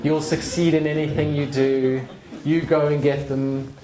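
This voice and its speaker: A man voicing a doting, proud mother who gushes praise in a slow, sing-song way. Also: a little high, flat delivery, roomy sound, a crowd in the background, pitched above the performer's own voice, close to an everyday voice, poor audio. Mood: gushing.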